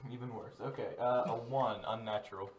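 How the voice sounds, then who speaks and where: A man's voice: mid-range voice, fairly even intonation, fairly quick, echoey room. A man playing in a tabletop game, hesitant and laughing at his own bad rolls. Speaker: player. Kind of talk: casual play at a tabletop game. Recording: loud background hiss.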